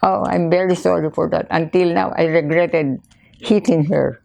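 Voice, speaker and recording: An older woman with a Filipino accent, recounting memories in a halting way, repeating words and slipping into Tagalog. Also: fairly low pitch, steady tone, gravelly, a little mellow. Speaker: interviewee. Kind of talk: casual storytelling interview.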